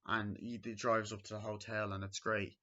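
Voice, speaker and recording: A man's voice: fairly low pitch, little pitch movement, moderate pace, pushed and bright. A man casually reviewing a movie, rambling and packing his talk with fillers like "um" and "you know". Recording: dull lo-fi recording.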